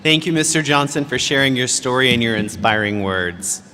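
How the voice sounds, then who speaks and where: A man serving as provost, formally presenting degree candidates in a measured manner. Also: medium pitch, lively intonation, bright, forceful tone. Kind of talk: formal ceremony announcement. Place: large hall. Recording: echoey hall with faint noise.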